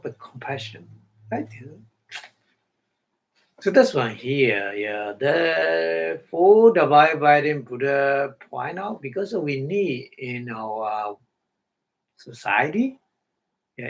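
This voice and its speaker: A man whose first language is Burmese gives a dharma talk at an unhurried, deliberate pace. His English is halting and full of fillers and repeated words, and he chants Pali passages now and then. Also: medium pitch. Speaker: meditation teacher.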